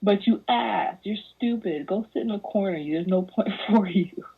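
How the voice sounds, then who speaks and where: Young woman podcast guest, lower husky voice, lively mocking rants over a thin tinny line. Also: normal speed. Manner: animated ranting, mocking put-on voices. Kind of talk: casual podcast chat. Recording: tinny phone-like audio.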